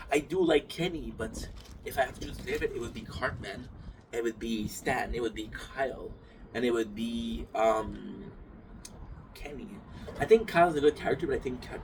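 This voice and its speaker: A man talking casually about a figure from his collection, rambling, restarting sentences and swearing freely. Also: mid-range voice. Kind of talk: casual rambling talk to camera. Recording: distant mic with noisy room ambience.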